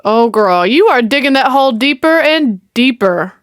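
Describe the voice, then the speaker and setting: A woman's voice: on the high side, expressive, normal speed, a little hiss or hum. A woman, chatting casually and talking back at a movie as she reacts to it. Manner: chatty, exclaiming, talks back to the screen. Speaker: reaction video host.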